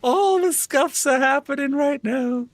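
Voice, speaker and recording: A man streaming a game live, chatting to viewers, quickly swinging between laughter and angry outbursts. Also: extremely high pitch, slight background noise.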